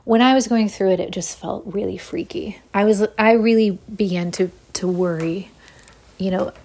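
A woman, hosting a casual solo podcast in a chatty, animated way with Valley Girl-ish phrasing. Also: mid-range voice, normal speed. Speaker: podcast host.

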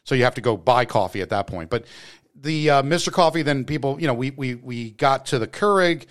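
A man's voice: mid-range voice, animated, a little fast. Rambling New Jersey man chatting. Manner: rambling, many restarts and fillers. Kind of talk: casual chat.

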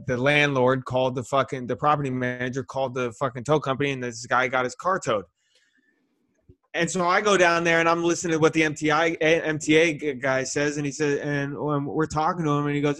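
A man telling a long, rambling story in casual chat, animated and swearing a lot. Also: a little high, no room sound. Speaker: podcast co-host.

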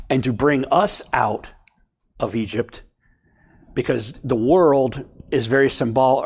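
A man leading a Bible study for a small group, talking casually and checking in with his listeners as he goes. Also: mid-range voice. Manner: conversational, checks in with "okay?".

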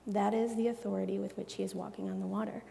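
Warm, gravelly woman teaching the Bible. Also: mid-range voice, little pitch movement, fast, slight background noise. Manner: earnest, chatty, drops into soft hushed asides. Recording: long echoey reverb.

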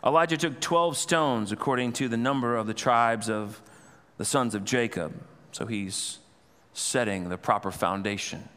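Animated preacher man, reverberant church. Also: medium pitch, moderate pace. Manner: animated storytelling, dramatizes scripture. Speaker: pastor. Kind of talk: sermon. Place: church sanctuary. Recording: long reverb in a church hall.

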